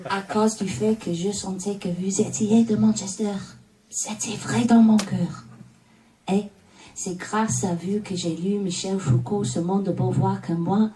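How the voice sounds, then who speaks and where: Mancunian woman doing spoken word at a live gig, dark low voice, sounds a bit far off. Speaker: poet. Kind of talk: spoken word poetry performance. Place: live music studio venue. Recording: distant live room sound.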